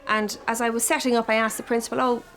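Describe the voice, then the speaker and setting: Lively Irish woman, farm safety teacher. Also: on the high side, racing, slight background noise. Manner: lively, talks to children with questions. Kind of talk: documentary interview and classroom talk.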